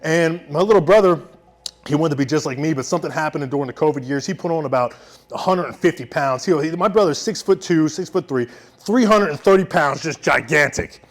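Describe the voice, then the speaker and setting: A young man telling a personal story on stage, intense, swinging from loud shouting to hushed quiet. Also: on the high side, brisk. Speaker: veteran storyteller.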